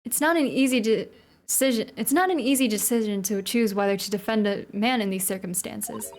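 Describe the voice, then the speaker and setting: A woman voicing an earnest young female legal assistant in an attempted British accent, measured and sincere. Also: mid-range voice, a little mellow, close to an everyday voice. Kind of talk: reading game dialogue aloud.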